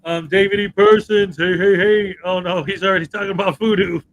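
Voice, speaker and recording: A man's voice: high voice, fairly even intonation, brisk, slight background noise, poor audio. A man hosting a livestream in a chatty, enthusiastic way. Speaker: livestream host. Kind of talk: casual livestream chat.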